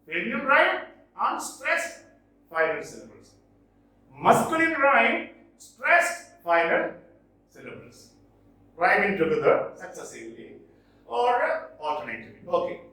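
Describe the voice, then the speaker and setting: Lively, echoey man teaching slowly. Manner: emphatic, repeats key words slowly, with lively pitch jumps. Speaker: English teacher. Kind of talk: classroom lecture on poetry. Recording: roomy echo, distant from mic.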